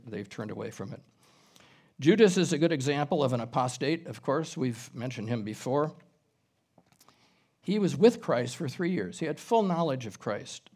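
A man with a somewhat husky voice delivers a teaching sermon, reading scripture passages aloud and walking through them verse by verse. He speaks at a measured middle pitch and clears his throat from time to time. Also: a little mellow. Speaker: pastor. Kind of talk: expository sermon.

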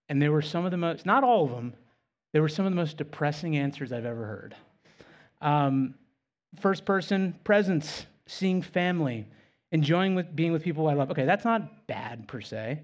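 A man's voice: a little high, lively intonation, moderate pace. A male pastor preaching a sermon in a conversational way with self-deprecating humor.

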